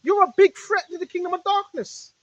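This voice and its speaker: In a rough recording without echo, a woman with a very high voice speaks briskly. She's a preacher rambling through a spiritual monologue, repeating herself, throwing rhetorical questions at her audience, addressing them directly and occasionally shouting rebukes at spirits.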